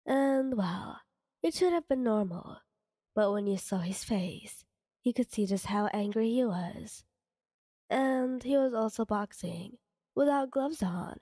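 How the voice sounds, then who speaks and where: A woman reading her own fan story aloud in a soft, half-whispered voice. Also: on the high side, expressive, slow, dry recording, clean studio sound, big-room sound.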